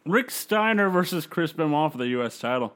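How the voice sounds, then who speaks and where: A man's voice: fairly high pitch, expressive, brisk, a bit bright, smooth. Casual man recapping wrestling. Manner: loose, rambling recap with fillers and quoted voices. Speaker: podcast co-host recapping wrestling. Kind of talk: casual chat, play-by-play recap.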